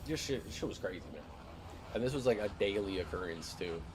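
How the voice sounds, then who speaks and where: A man's voice: deep voice, expressive, brisk, background noise. A young man streaming a game, telling a profane, ranting story in casual chat.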